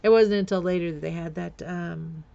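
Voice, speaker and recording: Gravelly middle-aged woman telling her story. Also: fairly low pitch, fairly even intonation, moderate pace, mellow, dull audio. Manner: candid and blunt, laughing between lines. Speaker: vlogger. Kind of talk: personal storytelling vlog.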